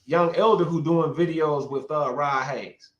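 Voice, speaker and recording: Guy ranting on a livestream, kinda high voice, heated and cussing, echoey room. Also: measured pace, lo-fi sound. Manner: heated, profane, talks straight to the chat. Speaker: livestream commentator. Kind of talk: rambling livestream commentary.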